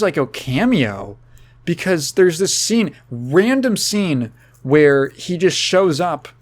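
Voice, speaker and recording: A man co-hosting a casual podcast, rambling with halting restarts, frequent laughs and swearing. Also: mid-range voice. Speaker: podcast co-host.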